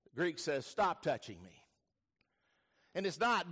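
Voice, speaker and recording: A male pastor preaching a sermon, telling the story vividly, dropping to hushed lines and rising to loud bursts. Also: high voice, expressive, normal speed. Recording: long reverb of a large hall.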